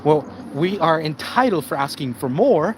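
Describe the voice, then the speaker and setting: A man's voice: a little high, expressive, moderate pace, a little hiss or hum, poor audio. A man ranting on a live stream, swearing and stumbling over his words as he repeats himself.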